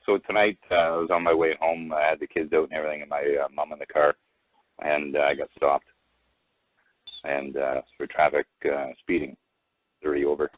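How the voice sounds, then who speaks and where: A man telling a rambling personal story over the phone, halting with many restarts and fillers. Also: very deep voice, level tone, no room sound. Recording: tinny phone line, dry.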